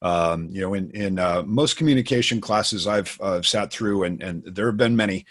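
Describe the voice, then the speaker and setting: A man's voice: deep voice, normal speed, a bit bright. A middle-aged man co-hosting, explaining ideas in a casual way with plenty of fillers, restarts and personal stories. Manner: storytelling, many fillers and restarts. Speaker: co-host. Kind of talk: casual instructional talk.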